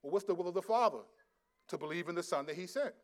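A man preaching a sermon as a pastor, telling stories in an animated, slangy way and laughing often. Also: high voice, fast talker.

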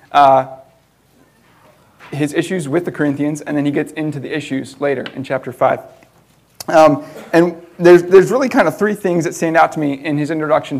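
Chatty male preacher, slightly high voice. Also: gravelly. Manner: chatty, laughs often, many fillers and restarts. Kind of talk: informal sermon.

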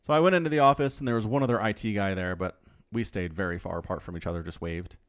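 A man co-hosting a podcast, talking casually with a sarcastic, animated delivery. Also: fast. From not Australian. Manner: animated, sarcastic, jumps high in pitch for emphasis. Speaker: podcast co-host. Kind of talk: casual chat.

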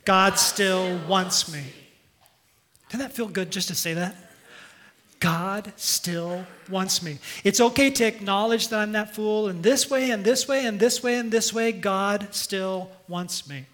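Male pastor, very high voice, bright and forceful tone, earnest sermon delivery. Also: unhurried. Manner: earnest, emphatic, leads the congregation in call-and-response.

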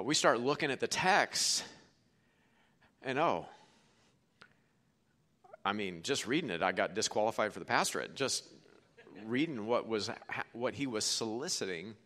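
A middle-aged man preaching a sermon as pastor, telling stories and swinging from hushed to forceful. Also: fairly low pitch. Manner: storytelling, quoting others, swings from hushed to forceful.

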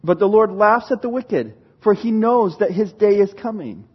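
A male pastor preaching a sermon in an animated way, laughing often and acting out the voices he quotes. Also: high-pitched, moderate pace, husky, lo-fi sound.

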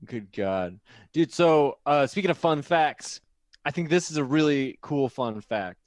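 A man co-hosting a comedy podcast in casual chat, excitable and swearing freely. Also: fairly high pitch, unhurried, no room sound. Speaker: podcast co-host.

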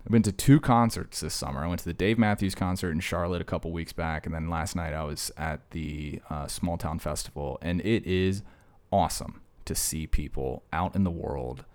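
A man's voice: low-pitched, moderate pace, few pauses, a little mellow. A man talking casually to camera in a vlog, rambling and joking as he drifts between stories. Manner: joking, digressive storytelling. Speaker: vlogger.

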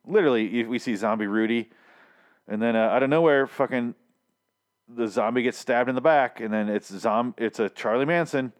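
A man's voice: mid-range voice, normal speed. A young man casually recapping a TV episode, swearing freely and acting out the characters' lines. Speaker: TV recap vlogger.

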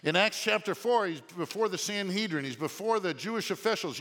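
A male pastor preaching a sermon in an animated way, often asking the congregation questions. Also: sits high, a little fast, few pauses. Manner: animated, asks the congregation questions, shouts quoted lines. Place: church sanctuary. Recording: long reverb of a church hall.

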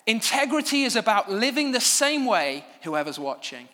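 Animated preacher, bright high voice. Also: male voice, moderate pace, in a large hall. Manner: animated, self-deprecating storytelling. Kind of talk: sermon. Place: church stage.

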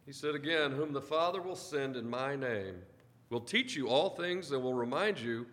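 A man reading scripture aloud during a sermon in a measured, formal way. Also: mid-range voice, lively intonation, a bit bright, big-room sound. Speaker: scripture reader.

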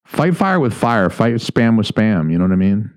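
A man's voice: lowish voice, big pitch swings, normal speed, a little mellow. A man co-hosting a podcast in casual banter, riffing with crude jokes and a mock-preachy tone. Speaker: podcast co-host.

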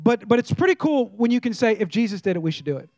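Preacher guy, high voice, goes big then drops way down quiet, gets the church repeating after him, dry close sound. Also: big pitch swings, quick pace, no room sound. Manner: dynamic preaching, swings from loud emphasis to hushed low tones; leads congregation in call-and-response. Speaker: pastor. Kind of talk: sermon.

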